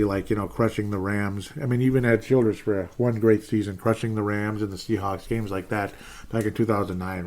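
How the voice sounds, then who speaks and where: Rambling exasperated sports fan host. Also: male voice, fairly low pitch, darkish tone. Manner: rambling, self-deprecating, exasperated, trails into muttered asides. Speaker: podcast host reading chat comments. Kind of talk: casual live-stream sports rant.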